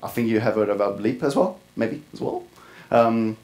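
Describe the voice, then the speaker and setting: A man's voice: on the low side, lively intonation, moderate pace, darkish tone. A man from Italy with an Italian accent, speaking at a conference in an informal way with frequent fillers. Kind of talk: tech conference talk.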